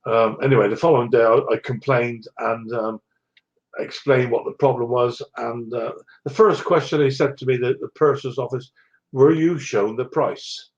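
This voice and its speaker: A man's voice: medium pitch, fairly even intonation, normal speed, muffled recording. An older man from England telling a rambling travel story in a wry, self-mocking way. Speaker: vlogger. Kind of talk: casual storytelling.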